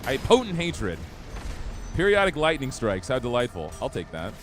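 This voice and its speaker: A man's voice: mid-range voice, huge pitch swings, normal speed, fairly bright tone, faint music behind. A young man streaming a game live, chatting upbeat and casually with his viewers while he plays. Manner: upbeat, chatty, talks to chat. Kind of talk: live gameplay commentary.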